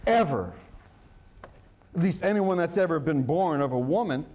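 A man's voice: fairly high pitch, expressive, moderate pace. A man preaching a sermon as pastor, mixing jokes and stories into his teaching and drawing out key words for emphasis. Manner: humorous, joke-telling preacher.

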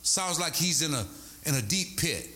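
A middle-aged man preaching a sermon from the pulpit, telling stories in an animated way that swings between high and low. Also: moderate pace, a little hiss or hum. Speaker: pastor.

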